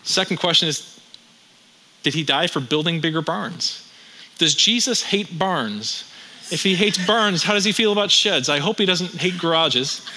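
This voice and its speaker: A man's voice: on the high side, animated, unhurried, bright, forceful tone, a little hiss or hum, low-quality recording. A pastor in his thirties preaching a sermon, mixing wry jokes with strings of rhetorical questions.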